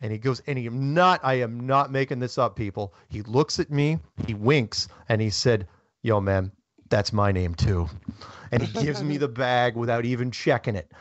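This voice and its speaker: A man telling casual anecdotes as a talk-show guest, rambling and animated, acting out the people he quotes. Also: medium pitch, moderate pace, hardly any pauses, no echo. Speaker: guest speaker. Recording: dull lo-fi audio.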